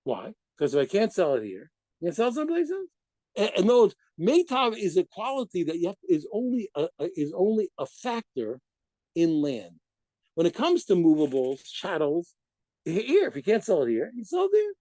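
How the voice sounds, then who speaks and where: A man teaching a daily Talmud study lesson in an animated way, asking himself rhetorical questions and answering them, and often stopping to correct himself. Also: high voice, normal speed, dry recording. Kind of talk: daf yomi study lesson.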